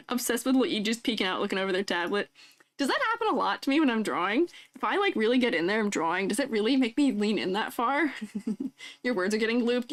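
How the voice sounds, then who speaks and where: A woman's voice: fairly high pitch, sing-song, a little fast. A young woman streamer chatting casually with her viewers, giggling often and reacting playfully to fan art. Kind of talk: casual live stream chat.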